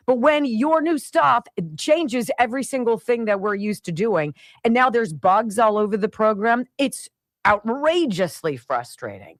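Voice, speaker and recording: Animated, venting talk show woman. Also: fairly high pitch, measured pace, no room sound. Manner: animated, venting, mimics sounds and voices. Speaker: radio talk show host. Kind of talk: opinionated monologue. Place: home studio with camera. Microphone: studio mic.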